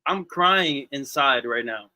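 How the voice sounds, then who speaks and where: A man's voice: mid-range voice, animated, takes it slowly, pushed and bright, a little hiss or hum. A man in casual chat at a listening party, gushing about a song and swearing playfully.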